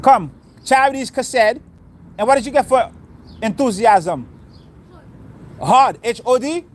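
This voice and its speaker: A man's voice: very high voice, expressive, a little slow. A man giving a casual outdoor scripture lesson while sitting on the grass. He talks informally, quizzes his listeners and explains each term. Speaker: spiritual teacher.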